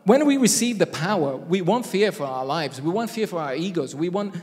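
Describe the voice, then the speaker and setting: A man preaching a conversational sermon with deliberate, emphatic phrasing and self-deprecating asides, recorded in a church hall. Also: high voice, lively intonation, darkish tone. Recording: long reverb in a church hall.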